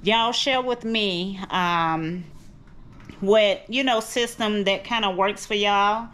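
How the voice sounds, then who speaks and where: A woman's voice: medium pitch, slow, fairly bright tone. A middle-aged woman vlogging in her kitchen at home, rambling and chatty, calling her viewers cousins. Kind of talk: casual chat to camera.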